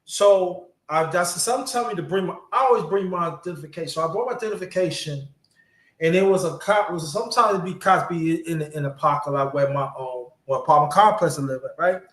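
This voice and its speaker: A man with a fairly high voice tells a personal story on a podcast, getting animated and cursing freely as he goes. The sound is roomy, with a clear echo around him. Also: a little fast.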